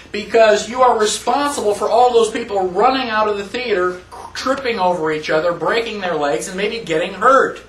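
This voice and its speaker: A man's voice: high voice, fairly bright tone. A man teaching a class in a lecture style, emphatic, asking the audience questions. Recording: roomy, distant mic.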